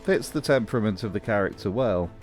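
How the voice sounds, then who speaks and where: A man talks through a scripted commentary with dry, mocking humor. His pitch bounces around a lot as he speaks. Soft music plays beneath him. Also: lively intonation, fast. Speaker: host.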